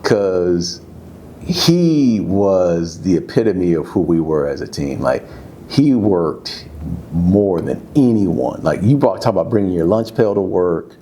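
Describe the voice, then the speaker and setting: A man in his fifties, a former football player, telling stories in a candid, casual interview, his voice jumping high when he gets excited. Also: unhurried, a little hiss or hum. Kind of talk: candid conversational storytelling.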